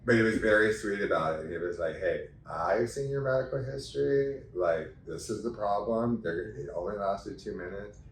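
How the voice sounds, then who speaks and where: A man as an interview guest, talking in an animated, chatty way and laughing as he tells stories. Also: fairly low pitch, moderate pace, vocal fry, few pauses, slight background noise. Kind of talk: casual interview chat. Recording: echoey room, mic at a distance.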